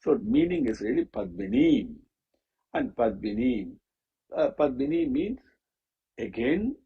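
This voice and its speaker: Guy explaining a hymn, very breathy husky voice, muffled lo-fi audio. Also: medium pitch. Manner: halting, with many fillers and restarts. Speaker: scripture teacher. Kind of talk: explaining a Sanskrit hymn with stories.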